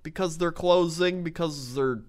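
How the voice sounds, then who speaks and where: A man's voice: fairly high pitch, a little slow. A man co-hosting a podcast, laid-back and chuckling as he reads out news bits. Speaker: podcast co-host. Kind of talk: casual comedic chat.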